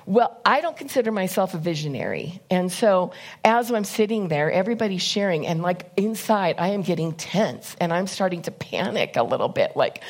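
A woman's voice: mid-range voice, expressive, brisk, a little mellow. A middle-aged woman gives a conversational sermon as a church speaker. She tells personal stories candidly and works through a numbered list of points.

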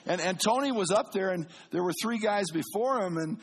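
Male pastor, husky tone, lively sermon storyteller who goes from quiet to loud. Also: a little fast. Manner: animated, swings between booming and hushed.

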